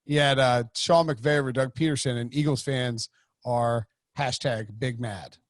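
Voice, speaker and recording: A man's voice: medium pitch, steady tone, unhurried, dry recording, studio quality. A man hosting a sports podcast, chatting in a loose, rambling way with many fillers and restarts. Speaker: podcast host. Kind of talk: casual podcast chat.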